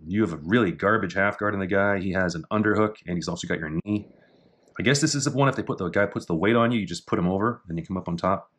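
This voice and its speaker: A middle-aged man casually talking through techniques in a martial arts book, with dry offhand asides and slow, halting reading of foreign terms. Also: lowish voice, fairly bright tone. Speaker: jiu-jitsu instructor reviewing a technique book. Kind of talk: casual commentary.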